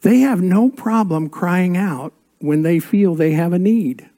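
An older man preaching a sermon as a pastor, with dramatic pauses and drops to a hush on key words. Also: high voice.

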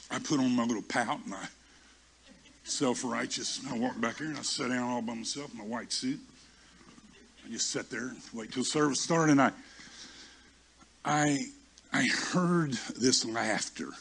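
A man's voice: mid-range voice, a bit bright, husky. A male pastor preaching a sermon through personal stories, self-mocking and often restarting his sentences.

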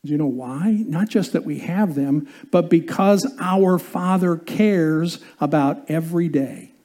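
A man's voice: fairly high pitch, unhurried, mellow. A male pastor preaching a sermon in a conversational way, often asking the congregation questions.

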